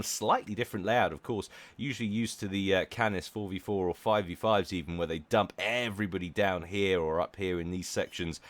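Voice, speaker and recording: A low-voiced man casting a strategy game replay. He talks in a loose, rambling way and often jokes about his own skill. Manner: chatty, rambling, self-deprecating. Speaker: game caster. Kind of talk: casual game commentary.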